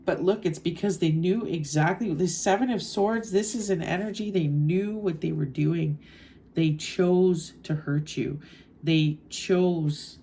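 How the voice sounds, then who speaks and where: A woman doing a channeled tarot reading in a low, warm voice. She talks slowly and thoughtfully, pausing on soft fillers. A faint hiss sits under the recording. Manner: slow, musing, with soft fillers. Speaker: tarot reader.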